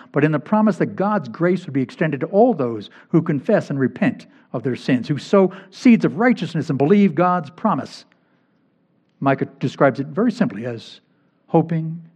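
A man's voice: mid-range voice, a little mellow, husky. A male pastor preaching a sermon, emphatic and repeating key phrases to drive points home. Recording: dull lo-fi recording.

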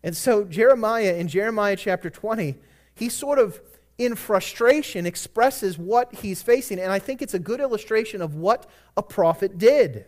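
A man's voice: high voice, lively intonation, normal speed. A man preaching a sermon as a pastor, reading scripture passages aloud and stressing key words with earnest emphasis.

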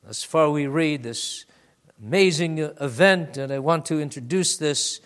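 A man preaching a sermon, reading scripture aloud with slow, stressed phrasing and calling his listeners beloved. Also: fairly high pitch, a bit bright. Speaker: pastor.

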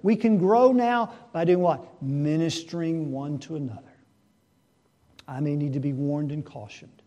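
High-voiced preacher asking the church questions. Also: male voice, unhurried, dull audio. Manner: preaches with rhetorical questions, swinging between hushed and loud. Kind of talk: sermon.

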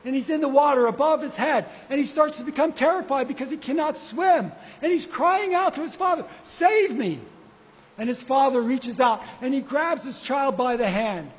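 A man preaching a sermon, measured and repeating key phrases for emphasis. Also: extremely high pitch. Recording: echoey hall, dull lo-fi sound.

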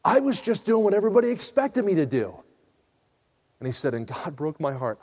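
A man's voice: a little high, very animated, quick pace. Preaching man in a long-echo hall. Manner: swings from loud emphatic bursts to hushed earnest asides. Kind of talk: sermon with storytelling.

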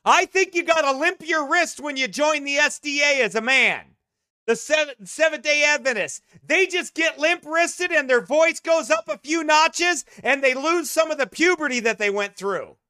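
A man preaching in a sermon-style commentary, emphatic and scornful, sometimes bursting into shouts. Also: very high voice, moderate pace, no echo, studio quality.

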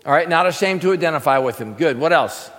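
A man's voice: on the high side, expressive, fast talker, fairly bright tone, long reverb tail. A man teaching scripture sermon-style, quizzing his listeners and answering his own questions. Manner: asks the audience questions and answers them himself. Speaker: preacher teaching a class.

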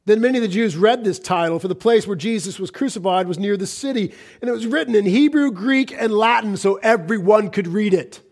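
A man with a notably high voice delivers a fervent sermon, reading scripture aloud. He swings between loud, ringing cries and hushed, breathy whispers. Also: a little fast, few pauses. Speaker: preacher.

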